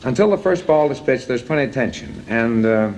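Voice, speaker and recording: A middle-aged man, a baseball manager and guest on a TV talk show, telling blunt, jokey anecdotes in animated chat. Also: mid-range voice, a little fast, slight background noise.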